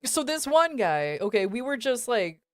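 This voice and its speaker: A woman's voice: fairly high pitch, moderate pace, dry recording, soft background music. A woman streamer telling a story to her chat in a casual, rambling way, swearing often. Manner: swears a lot, animated and rambling.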